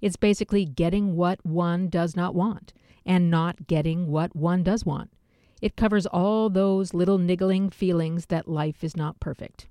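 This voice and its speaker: A woman narrating a nonfiction book in a measured, explanatory way, dropping in dry, wry asides. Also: on the low side, fairly even intonation, mellow, no room sound. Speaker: audiobook narrator. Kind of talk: scripted nonfiction reading.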